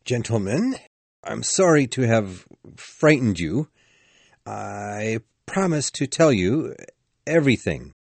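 A man's voice: mid-range voice, vocal fry, dry recording, exaggerated voice. A man doing a worn-out old-fashioned scientist. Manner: weary, quiet and polite. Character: tired, battered male time-travelling scientist.

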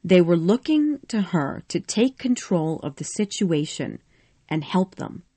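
A woman narrating a storybook in an expressive, measured way. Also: lowish voice, no echo.

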